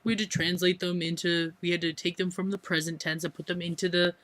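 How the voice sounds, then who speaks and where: A woman's voice: on the low side, level tone, fast, a bit bright, dry recording. A teenage girl with an American accent, rambling chattily through a casual vlog with plenty of fillers and restarts. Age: teens. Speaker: vlogger.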